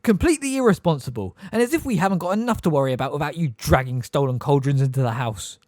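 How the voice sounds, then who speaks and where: A man voicing a furious middle-aged mother who shouts at the top of her voice in an audiobook. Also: a little high, animated, fast, no echo, clean studio sound, voice pushed up, natural voice.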